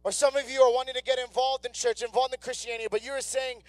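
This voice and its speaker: High-voiced young male preacher. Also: little pitch movement, fast talker, no echo. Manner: conversational preaching, acts out inner voices. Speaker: youth pastor. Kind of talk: sermon. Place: church sanctuary.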